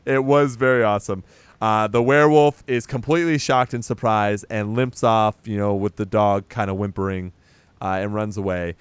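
A man's voice: fairly low pitch, steady tone, normal speed, clean tone, no room sound. A man recapping a film in loose casual chat, swearing freely and laughing as he retells the scenes. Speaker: podcast co-host recapping a film.

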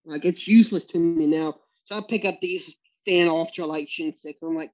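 A man's voice: fairly high pitch, fairly even intonation, moderate pace, hardly any pauses, darkish tone. Guy spinning wild hunting yarns on a podcast, laughs a lot, acts out the quotes, kinda muffled lo-fi sound. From Texas. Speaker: podcast guest, hog hunting outfitter. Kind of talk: storytelling in a podcast interview. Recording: muffled lo-fi recording.

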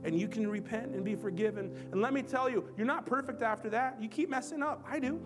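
A man's voice: very high-pitched, fairly quick, over music. A male pastor preaching a sermon to his church, leaning on emphatic, repeated phrases. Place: church service.

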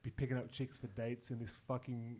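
A man's voice: medium pitch, flat delivery, brisk, dark tone, husky. A young Australian man from Newcastle, a comedian guest, telling rambling stories with plenty of swearing and laughing at himself. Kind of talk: casual podcast chat.

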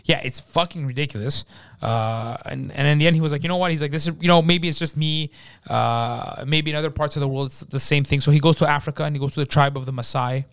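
A man co-hosting a casual podcast, rattling through a story and acting out the people in it. His voice sits a bit high, and he talks very fast. The recording is dry and close, with no room sound. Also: smooth, dry recording. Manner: rapid storytelling, acting out quoted people, frequent swearing. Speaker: podcast co-host.

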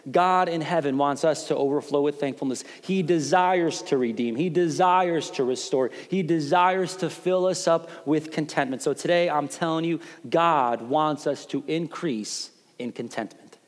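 Male pastor, thirties, bright-pitched, animated storytelling sermon, echoing church hall. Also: normal speed, hardly any pauses. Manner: animated, playful storytelling with mock quotes. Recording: long hall reverb.

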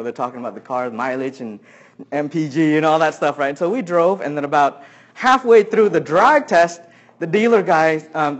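Laughing throughout, a high-pitched pastor recounts something that happened to him as part of a sermon, performing the lines people said.

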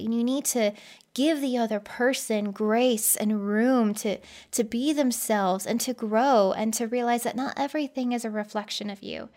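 Woman podcaster, voice a bit on the high side, earnest chatty storytelling, lots of "you know". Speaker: podcast host. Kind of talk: conversational podcast monologue.

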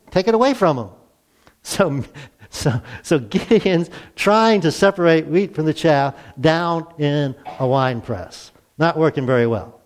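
A male pastor preaching a sermon in a conversational way, asking rhetorical questions. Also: a little high. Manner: conversational, asks rhetorical questions, acts out quotes.

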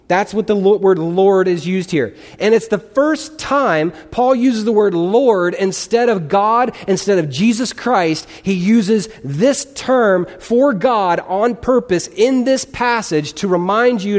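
A man's voice: fairly high pitch, a little mellow. Man preaching in a reverberant hall. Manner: earnest, conversational preaching with questions to the congregation. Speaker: pastor. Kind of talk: sermon. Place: church sanctuary. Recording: long reverb of a large hall.

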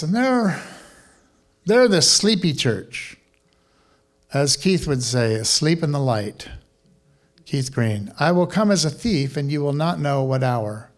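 A pastor delivers a sermon in a lively, conversational style, tossing in casual asides and putting questions to the congregation. His voice sits fairly high.

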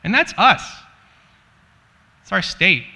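A man's voice: high-pitched, sing-song, slow pace, creaky, pushed and bright, long reverb tail. A man giving a casual sermon as a Bible teacher, chatty and joking, with many "like" and "you know" fillers.

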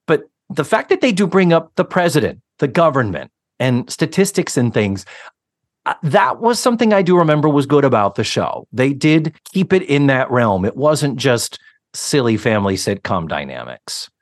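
A man co-hosting a podcast, casually recapping a sitcom episode in an animated, storytelling way with some casual swearing. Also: medium pitch, moderate pace, no echo, studio quality. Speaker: podcast co-host.

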